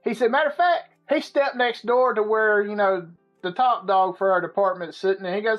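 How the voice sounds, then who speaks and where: Profane, animated male podcast storyteller. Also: high voice, moderate pace. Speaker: podcast host. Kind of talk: casual storytelling chat. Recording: slightly muffled with faint music.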